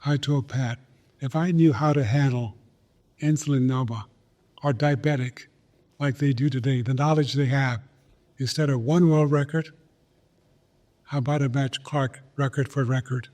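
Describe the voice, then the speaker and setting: Mellow-voiced older man telling stories. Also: medium pitch, steady tone. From South Dakota, USA. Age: 80s. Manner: unhurried, acts out remembered dialogue. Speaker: guest, retired Olympic runner. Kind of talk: storytelling conversation.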